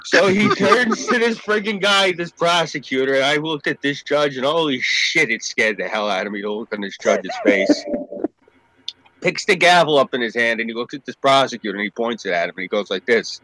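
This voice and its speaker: Man, casual storyteller, acts out voices, swears freely, bright voice, dry close sound. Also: mid-range voice, a little fast, no room sound, low-quality recording. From New York State. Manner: animated storyteller acting out quoted voices. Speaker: podcast co-host. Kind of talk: casual storytelling among friends.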